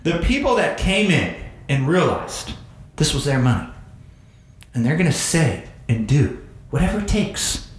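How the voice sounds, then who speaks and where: Animated, swearing man in an echoey room. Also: on the high side, unhurried, pauses often. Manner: animated, swears, acts out quotes. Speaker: podcast host. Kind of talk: casual sales coaching chat.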